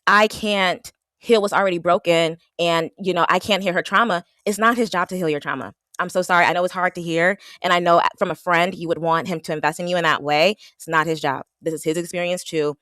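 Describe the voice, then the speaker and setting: A woman's voice: a little fast, hardly any pauses, dry recording, clean studio sound. Heated woman recapping reality TV. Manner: animated, worked up, rising pitch when indignant. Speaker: podcast co-host. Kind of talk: casual reality TV recap chat.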